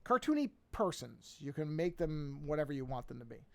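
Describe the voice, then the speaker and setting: A man's voice: fairly high pitch, sing-song, brisk, creaky, a little mellow. A man casually teaching cartoon drawing on a livestream, rambling and thinking aloud as he works at his desk mic. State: yawning, a bit sleepy. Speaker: art teacher streaming a drawing lesson.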